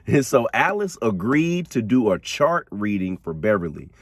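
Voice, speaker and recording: Brief: male podcast host, casual slangy storyteller, low voice with very animated pitch. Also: measured pace, dry recording, studio quality. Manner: animated, slangy, laughs often, addresses listeners directly. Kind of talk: casual true crime storytelling.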